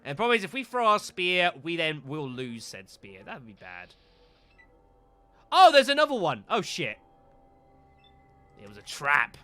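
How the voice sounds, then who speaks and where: A man's voice: a little high, wildly swooping pitch, moderate pace, pauses often, sharp tone. A man streaming a game live, talking to viewers as folks and getting exasperated at missed shots. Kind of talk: live gameplay commentary.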